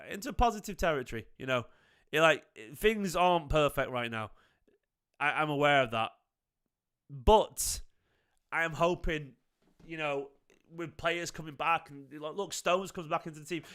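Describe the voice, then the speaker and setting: A man's voice: fairly high pitch, a bit bright, clean tone. A man hosting a football fan channel, giving an emphatic post-match reaction and repeating phrases for emphasis.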